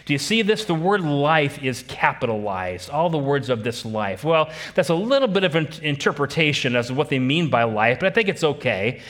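A man's voice: on the high side, sing-song, normal speed, hardly any pauses, a bit bright. A man preaching a sermon as a pastor, emphatic and repeating key phrases, putting questions to his congregation.

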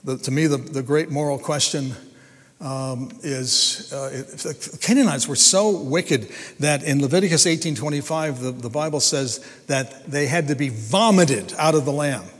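A man's voice: on the high side, moderate pace. A man preaching a sermon in an earnest, emphatic way, often repeating and restarting his words. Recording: long hall reverb.

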